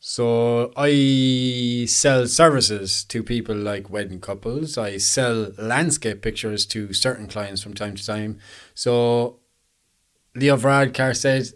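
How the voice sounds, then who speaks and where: An Irish man hosts a casual podcast chat, full of easy laughter and local slang. His voice sits at a middle pitch and carries a relaxed, friendly liveliness. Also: takes it slowly. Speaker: podcast host and professional photographer.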